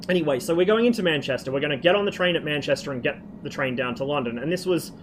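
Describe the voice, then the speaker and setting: A man's voice: a little high, fairly bright tone. Profane rambling male streamer. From Australia. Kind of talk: casual stream chat. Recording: noisy background.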